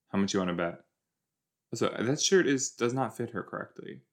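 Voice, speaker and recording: A man's voice: fairly low pitch, lively intonation, brisk. A young man hosting a casual watch-along show, rambling and joking as he reacts to a TV episode. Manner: rambling, playful, jumps into silly put-on voices. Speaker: podcast host reacting to a TV episode.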